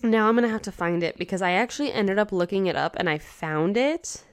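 Animated woman podcast co-host, mid pitch. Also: fairly quick, smooth. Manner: animated, exclaims often, lots of "like". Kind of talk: casual chat.

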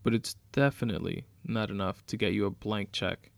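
A man's voice: lowish voice, a little fast, gravelly, no echo. A man voicing a wary male district judge who doubts and pushes back. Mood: skeptical.

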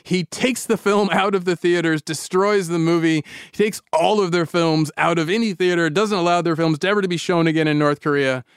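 A man hosting a podcast, telling a comedic story in an animated way with playful asides. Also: on the high side, a little fast, clean tone, dry recording. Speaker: podcast host.

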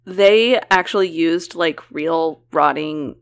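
A woman's voice: low-pitched, slow, smooth. A woman co-hosting a podcast, chatting casually and animatedly, often laughing. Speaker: podcast co-host. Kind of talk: casual chat.

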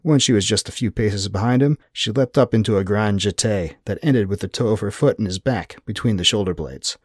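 A male audiobook narrator with a low voice tells the story in a wry, measured way. The recording is dry and close, with no room sound at all. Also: breathy edge, dry recording. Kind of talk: scripted first-person narration.

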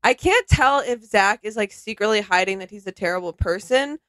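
A woman's voice: medium pitch, lively intonation, brisk, a bit bright, no room sound. A young woman co-hosting a casual comedic chat, sarcastic, often mimicking people in mocking voices. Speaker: podcast co-host.

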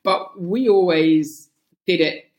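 A woman's voice: on the low side, slow, darkish tone, reverberant. A woman from England with a London accent, talking thoughtfully as a podcast guest, often restarting her sentences as she thinks aloud. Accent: London English. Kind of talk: casual interview chat.

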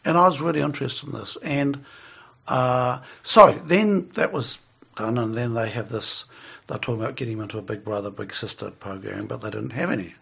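A man's voice: mid-range voice, fairly quick, gravelly, fairly bright tone, slightly rough. A middle-aged man, telling a rambling story in casual conversation and chuckling as he goes.

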